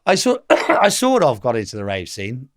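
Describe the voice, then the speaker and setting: This Englishman in his fifties has a medium-pitched voice with huge swings in pitch and speaks at a moderate pace, recorded in studio quality with no echo. Appearing as a guest in a relaxed interview, he tells rambling stories and imitates the voices of those he quotes.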